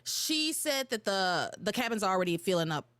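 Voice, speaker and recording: A young adult woman hosting a podcast in casual, animated chat, exclaiming and swearing freely. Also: mid-range voice, normal speed, no echo. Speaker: podcast host.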